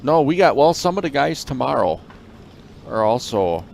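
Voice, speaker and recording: A man co-hosting a live fishing stream in relaxed, conversational commentary, often pausing on fillers. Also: mid-range voice, creaky, slight background noise.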